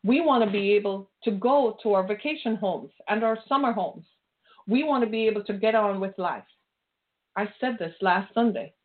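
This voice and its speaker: A woman's voice: medium pitch, moderate pace. A woman preaching an impassioned sermon, pressing her listeners with pointed rhetorical questions. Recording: tinny phone-like line.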